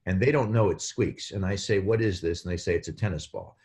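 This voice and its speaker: Podcast guest, male, low voice, lively explainer who acts out quotes. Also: a little fast. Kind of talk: casual podcast chat.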